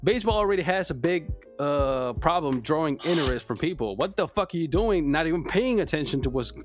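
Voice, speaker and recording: A man's voice: fairly high pitch, expressive, a little fast, soft background music. A man co-hosting a sports podcast, ranting in casual, profane, heated chat. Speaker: podcast co-host.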